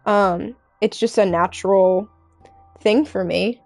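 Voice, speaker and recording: A young adult woman streaming live and chatting with viewers in a candid, earnest way, halting often with fillers and restarts. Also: medium pitch, fairly even intonation, a little mellow, no room sound, faint music behind. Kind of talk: casual chat with stream viewers.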